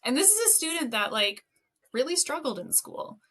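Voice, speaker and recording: A woman's voice: high voice, big pitch swings, normal speed, a bit bright, slight background noise. A woman educator, a guest on an interview podcast, telling anecdotes casually with lots of laughter and fillers.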